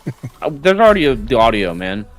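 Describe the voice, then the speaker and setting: A man's voice: medium pitch, very animated, fast, low-quality recording. A man in a gaming voice chat making dry, wry quips. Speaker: raid teammate.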